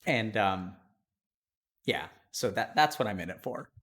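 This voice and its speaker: Animated male storyteller, loud to hushed. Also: fairly low pitch, measured pace. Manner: animated, laughing storyteller who swings from loud to quiet. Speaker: psychiatrist and streamer host. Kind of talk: casual storytelling on a livestream.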